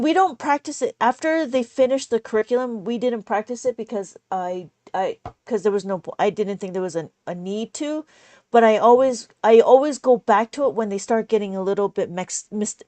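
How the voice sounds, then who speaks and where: A woman teaching math in a casual livestream, talking in an animated, exasperated way. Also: on the high side.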